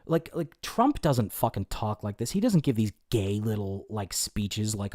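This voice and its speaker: A man's voice: lowish voice, sing-song, measured pace, hardly any pauses, a little mellow, no room sound, studio quality. A man hosting a casual livestream, answering his chat in a rambling, profane way, full of fillers and restarts. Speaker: livestream host.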